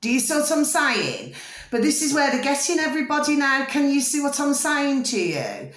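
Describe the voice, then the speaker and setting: Her voice is high and slightly bright, swinging widely in pitch at a normal pace, in an echoey room. She's a middle-aged British vlogger giving a rambling monologue to camera, chatty and checking in with "do you see what I mean?" and "ding ding."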